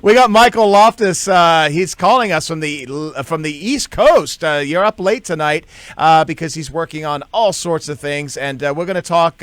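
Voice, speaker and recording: A man's voice: a little high, normal speed, hardly any pauses, fairly bright tone, soft background music. A male radio talk show host interviewing a guest, easygoing with many fillers.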